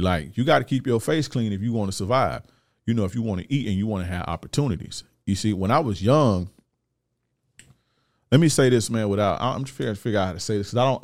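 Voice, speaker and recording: A man in his 30s from Florida, USA, hosts a show where he gives men life advice in a casual, ranting monologue. His voice sits on the low side and he speaks bluntly in profane street slang. The studio recording is clean, with no echo.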